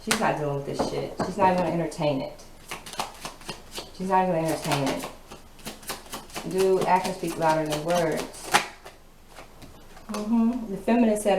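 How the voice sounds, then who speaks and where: A woman's voice: on the low side, moderate pace, pauses often. A woman giving a casual tarot reading. She talks bluntly, with a sassy tone and plenty of swearing. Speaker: tarot reader. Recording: echoey room with background noise.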